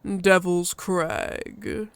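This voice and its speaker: A gruff male husky warrior, voiced by a woman for a game. He speaks slowly and bluntly in a lowered voice. Each word is clipped and curt. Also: steady tone, no echo, exaggerated voice. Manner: slow, terse, blunt and deep.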